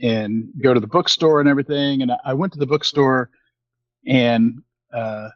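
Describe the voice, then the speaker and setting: A man's voice: medium pitch, moderate pace, no echo. A man in his fifties tells a long, wandering story as a podcast co-host, circling back with fillers and restarts. He slips into the voices of the people he quotes. The recording is dry and a little dull. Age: 50s. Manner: rambling, with many fillers and restarts, acting out quoted exchanges. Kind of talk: casual storytelling chat.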